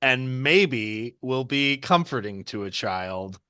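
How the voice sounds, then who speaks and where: A man's voice: mid-range voice, animated, slow, pushed and bright, clean tone, dry recording, clean studio sound. A man playing a tabletop role-playing game, talking casually in a rambling way with many fillers and laughs. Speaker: player.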